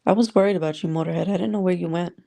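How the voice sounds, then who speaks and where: A woman hosts a casual live audio room, chatting and greeting listeners by name as she reads their comments. Her voice is low and gravelly, with a dark, mellow tone. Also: fairly even intonation, rapid-fire.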